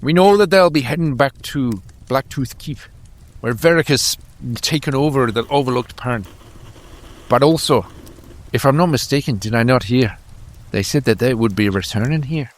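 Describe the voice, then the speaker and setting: A man voicing a gruff, boisterous, swearing male dwarf fighter in a tabletop game. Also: mid-range voice, normal speed, lightly acted. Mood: determined. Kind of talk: playing a tabletop game character.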